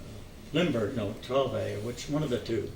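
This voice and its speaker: Older man, gravelly voice, hesitant with fillers, interview, echoey room, faint background noise. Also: medium pitch, recorded from a distance. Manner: halting, many fillers and restarts, chuckles while recalling. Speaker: veteran interviewee. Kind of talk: oral history interview.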